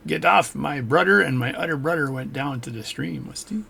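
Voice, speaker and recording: Guy doing a jokey drawn-out quebec french voice, kinda gravelly and husky underneath. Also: a little high, bright, forceful tone, full character voice. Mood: playful. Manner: mock accent, slowed and drawn out. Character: man mimicking a Quebec French speaker.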